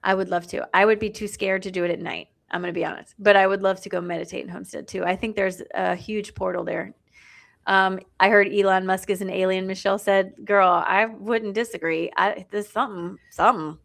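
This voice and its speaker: A woman's voice: mid-range voice, flat delivery, fast, creaky. A woman co-hosting a live stream, chatting casually and reading viewer comments aloud.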